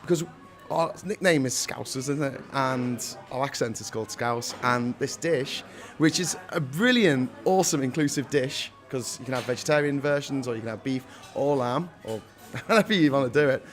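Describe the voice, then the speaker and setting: A man's voice: mid-range voice, normal speed, soft background music. A young man with a Liverpool accent, chatting upbeat in an interview and laughing often. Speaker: founder of a local food day. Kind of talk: casual interview.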